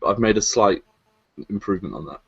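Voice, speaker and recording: An English man guests on a podcast over a remote connection, talking in a dry, easygoing, playful way. His pitch moves a great deal as he talks. The line sounds dull and muffled. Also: lively intonation, fairly quick, vocal fry, breathy edge. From England. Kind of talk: casual podcast chat.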